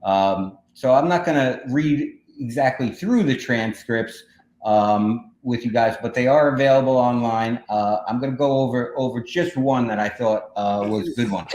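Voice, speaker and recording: A man's voice: mid-range voice, normal speed, darkish tone. A man casually telling a story on a livestream, rambling with many fillers while he clicks through slides. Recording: echoey room with faint noise.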